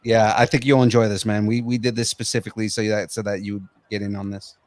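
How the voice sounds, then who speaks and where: A man's voice: on the low side, flat delivery, quick pace, no echo. A young adult man co-hosting a livestream podcast, chatting casually and teasing a guest. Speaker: podcast co-host. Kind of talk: casual chat.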